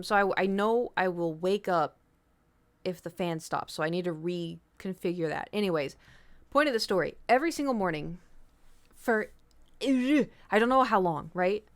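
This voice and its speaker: A woman streamer chatting casually with viewers, telling a rambling story with swearing and the odd whispered aside. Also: lowish voice. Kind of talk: casual chat.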